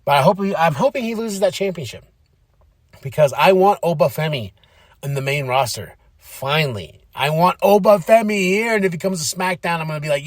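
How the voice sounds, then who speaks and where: Male podcast host, casual and animated, slightly high voice, dry close recording. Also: brisk, dry recording. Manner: animated, acts out quotes in shifting voices. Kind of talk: casual wrestling recap.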